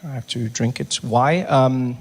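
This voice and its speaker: A man doing stand-up comedy, telling an animated story and often dropping into a soft, hushed voice. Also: medium pitch, a little slow, breathy edge. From South Africa. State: recovering voice. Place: comedy stage before a live audience.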